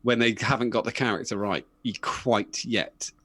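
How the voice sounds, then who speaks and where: A man's voice: lowish voice, fairly even intonation, moderate pace, a bit bright, no echo. A man with a Northern English accent chatting casually as a podcast co-host, telling rambling anecdotes and putting on voices for the people in them. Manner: rambling storyteller, puts on voices in anecdotes, frequent restarts. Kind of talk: casual chat.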